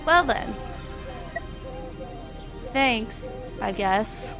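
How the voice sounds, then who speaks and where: A woman's voice: a little high, unhurried, vocal fry, pauses often, over music. Woman making wry casual asides. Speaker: let's-play host. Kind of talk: casual chat while reading a gamebook.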